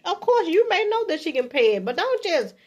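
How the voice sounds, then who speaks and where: Very animated and fairly quick, this fifty-something woman chats folksily to the camera about relationships, peppering her advice with "okay." She puts on a high voice to act out sweet things to say to a partner, and allergies have her coughing.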